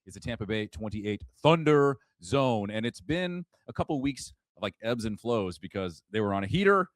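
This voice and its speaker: A man co-hosting a podcast in casual sports chat, animated and quick to laugh. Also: on the low side, no room sound, clean studio sound. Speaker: podcast co-host.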